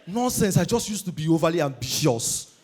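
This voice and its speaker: A young Nigerian man doing a high-energy stand-up comedy routine on stage, shouting his punchlines and slipping into Pidgin. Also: big pitch swings, brisk. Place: live comedy stage before an audience.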